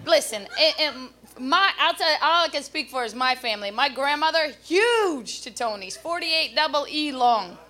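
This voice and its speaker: A woman doing a stand-up comedy routine on a club stage with a handheld mic, brash and loud with punchy delivery. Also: high voice, background noise.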